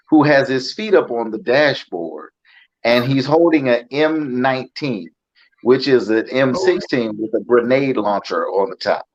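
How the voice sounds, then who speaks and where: A man telling a story in casual chat, animated and acting out the voices of others. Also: medium pitch. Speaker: podcast host. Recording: dull, slightly lo-fi sound.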